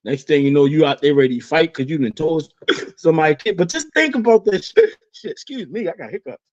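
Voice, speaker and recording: Podcast co-host, man, fairly high voice, lively, swears freely, lo-fi sound. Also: brisk. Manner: animated storytelling, swearing, laughing often. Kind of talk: casual chat. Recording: dull lo-fi sound.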